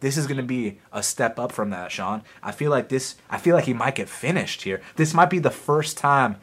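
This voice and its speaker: Excitable, profane man talking fight picks. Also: mid-range voice, normal speed, breathy edge. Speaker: podcast co-host. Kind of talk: casual fight-betting chat.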